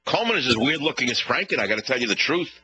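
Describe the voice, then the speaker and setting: A man's voice: mid-range voice, lively intonation, racing. A man hosting a talk radio show, telling a long indignant story and mimicking the people in it. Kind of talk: rambling monologue. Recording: radio broadcast with faint hum.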